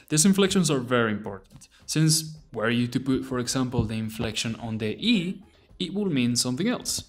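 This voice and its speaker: A man narrating a language lesson, repeating phrases slowly and deliberately. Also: medium pitch, animated. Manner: slow, deliberate repetition of phrases. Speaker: language teacher.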